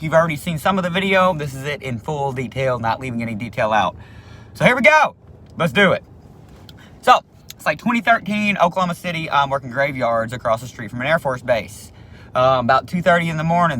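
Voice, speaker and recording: A man telling a personal story to camera in a casual, animated way, swearing freely and acting out what people said. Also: medium pitch, slight background noise. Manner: animated, swears casually, acts out quoted speech.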